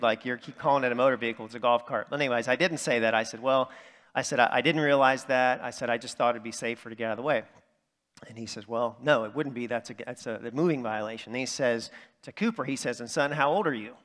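A middle-aged man, a pastor telling a story in a relaxed, self-mocking sermon with sarcastic asides. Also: mid-range voice. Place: church sanctuary. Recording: reverberant sanctuary.

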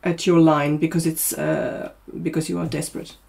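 A woman coaching opera singers in a masterclass, probing and quick, humming snippets of the music as she talks. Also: deep voice, little pitch movement, creaky, dark tone. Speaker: vocal coach.

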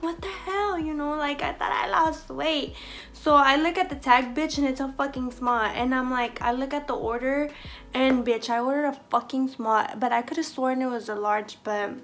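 A woman's voice: sits high, a bit bright. A young woman, chatting casually through a clothing try-on haul, blunt and swearing constantly. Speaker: fashion vlogger. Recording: echoey room, faint music behind.

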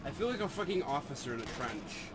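A man's voice: mid-range voice, sing-song, fast talker, background noise. A man playing a shooter with a friend, explaining the game bluntly and swearing casually. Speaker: gamer. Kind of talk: casual gaming banter.

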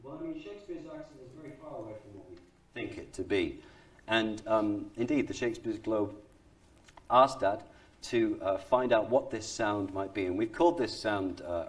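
A man, an actor, speaks in a low voice with an easy, animated manner. He laughs often. The mic sits at some distance from him. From Wales. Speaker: Shakespearean actor. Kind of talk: recorded talk on accents.

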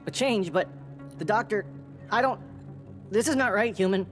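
A stiff, formal alien shopkeeper. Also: male voice, high-pitched, normal speed, fairly bright tone, soft background music. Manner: stiff formal phrasing, calls others "human". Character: fussy alien shopkeeper, male, formal and odd. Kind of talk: video game voice acting.

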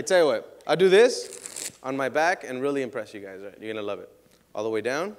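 A man performing card tricks for an outdoor crowd, joking and teasing volunteers, now and then shouting to hype them up. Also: medium pitch, expressive, a little fast, background noise. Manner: playful, teasing, bursts into loud hype. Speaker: street magician.

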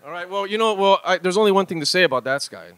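A man from Hawaii, co-hosting a podcast in joking, animated banter. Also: high voice, fast talker, no room sound. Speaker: podcast co-host. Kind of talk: casual comedic chat. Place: live studio room with audience.

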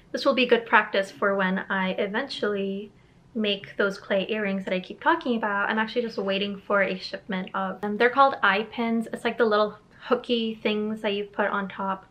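A woman's voice: mid-range voice, fairly bright tone. A woman who illustrates children's books, chatting casually in a vlog in a bubbly, rambling way, with lots of fillers. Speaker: children's book illustrator vlogging.

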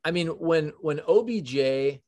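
A man in his thirties, a podcast co-host and parent, talking in relaxed, rambling casual sports chat. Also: on the high side, measured pace.

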